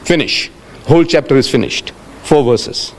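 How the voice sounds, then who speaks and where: A man's voice: medium pitch, normal speed. An older man with a South African accent giving a public religious lecture, emphatic and repetitive, acting out quoted speech. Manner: emphatic, repeats phrases, acts out quoted speech. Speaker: Islamic lecturer.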